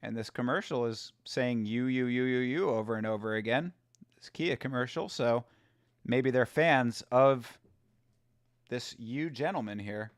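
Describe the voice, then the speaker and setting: Speaking a little slowly at medium pitch, this streamer reacts to fights in a casual watch-along, bantering with viewers, joking and cursing freely. The audio is clean studio sound without echo.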